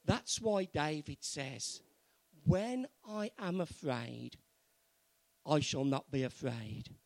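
A man preaching a sermon, moving from quiet, earnest pleading to loud, fervent exhortation. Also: on the high side, lively intonation, slow, gravelly, no room sound, rough recording.

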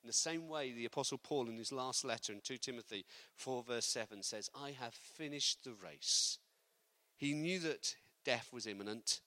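A man preaching a sermon, lively and building to loud, emphatic delivery. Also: medium pitch, brisk, hardly any pauses, no echo.

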